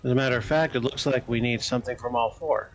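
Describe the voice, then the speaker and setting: A man's voice: medium pitch, fairly even intonation, fast, faint music behind. A man co-hosting a game livestream, talking in a laid-back, dry way. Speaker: game streamer. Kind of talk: casual let's-play chat.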